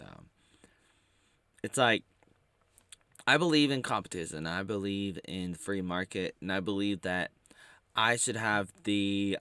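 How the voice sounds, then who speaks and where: A man talking to camera in a casual, rambling monologue, halting and full of playful wordplay. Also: sits low, gravelly, sharp tone, dry recording. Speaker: vlogger.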